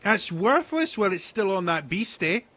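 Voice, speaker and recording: A man's voice: high voice, sing-song, normal speed, sharp tone, no room sound, voice pushed up, full character voice. A man doing a blustery hunter. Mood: scornful. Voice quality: broad dialect, coaxing and blustery. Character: burly, pushy male hunter, folksy and wheedling.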